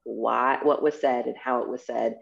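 A woman in her forties speaks frankly and chattily in a casual conversation. Her voice sits low with a gravelly fry. The recording sounds dull and lo-fi. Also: fairly even intonation, moderate pace. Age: 40s.

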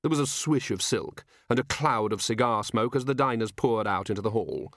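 A man reading a novel aloud as narrator, with expressive storytelling. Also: fairly low pitch, normal speed, no room sound, studio quality. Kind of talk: audiobook reading.

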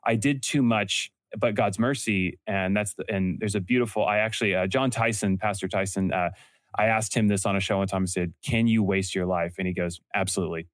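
A man's voice: lowish voice, fairly even intonation, no room sound, studio quality. A young man telling stories earnestly in a casual interview, often correcting himself mid-sentence. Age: young adult. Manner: earnest storytelling, quick self-corrections. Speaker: podcast host and entrepreneur guest.

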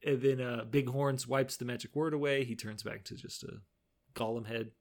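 A man's voice: medium pitch, fairly even intonation, moderate pace. A man co-hosting a podcast, casually recapping a show episode, laughing often and quoting the characters' lines. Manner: laid-back, laughs often, retells scenes with quoted lines. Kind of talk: casual chat.

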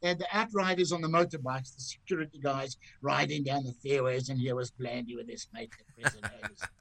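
An older man from Zimbabwe telling golf stories in a lively, theatrical way. His voice sits at an ordinary middle pitch, and he throws in little impressions of the people in his tales. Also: quick pace, gravelly, low-quality recording. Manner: lively raconteur who acts out other people's voices. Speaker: guest, golf commentator. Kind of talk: anecdotal storytelling.

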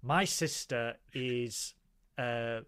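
A man co-hosting a show in casual chat, animated and talkative, reading out viewer comments. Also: medium pitch, extremely slow, clear, resonant tone. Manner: chatty, animated, reads viewer comments aloud. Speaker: co-host.

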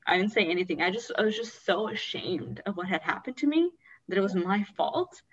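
A woman's voice: medium pitch, expressive, fairly quick, slightly rough, recorded from a distance, dull audio. A woman candidly recounting a painful personal story in a rambling, emotional way. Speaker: guest sharing her story.

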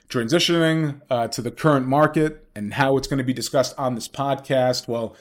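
A man who hosts a podcast as a financial planner, explaining things in a solo monologue and putting rhetorical questions straight to his listeners. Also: mid-range voice.

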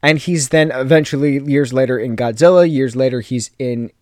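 This podcast host, a young American man, has a medium-pitched, somewhat dark voice. He tells a meandering personal story in a relaxed, chatty manner, heavy on fillers and quick jokey asides, captured in studio quality with no room sound.

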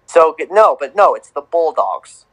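A man's voice: a little high, very animated, normal speed, low-quality recording. A man co-hosting a casual sports podcast, announcing tournament teams in a playful, sing-song way. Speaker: podcast co-host.

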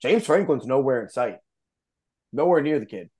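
A man's voice: medium pitch, lively intonation, darkish tone, breathy edge. A young man co-hosting a casual sports podcast, exasperated and profane as he rants. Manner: exasperated, profane, quick ranting. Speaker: podcast co-host.

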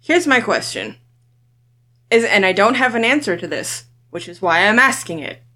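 A woman co-hosting a podcast from a home setup, chatting casually and making wry, deadpan jokes. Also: medium pitch, normal speed. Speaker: podcast co-host. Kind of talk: casual chat.

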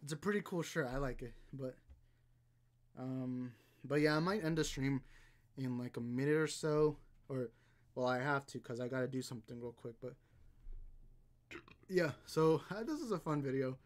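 A man's voice: mid-range voice, moderate pace, pauses often. A young man casually chatting on a livestream, rambling and reading viewer comments aloud. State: out of breath. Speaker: livestream host.

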